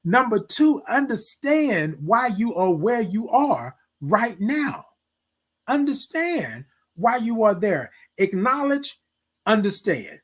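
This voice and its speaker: Preachy man with a lively, swinging voice. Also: high voice, slow. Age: adult, military veteran. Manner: preachy, repeats key phrases, talks to viewers directly. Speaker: host of a live morning show. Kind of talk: motivational live-stream talk.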